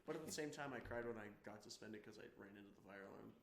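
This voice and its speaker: A man's voice: fairly low pitch, fast, creaky, a little hiss or hum. Crude young man in an echoey room. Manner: crude, blunt teasing. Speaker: podcast co-host. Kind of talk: casual chat.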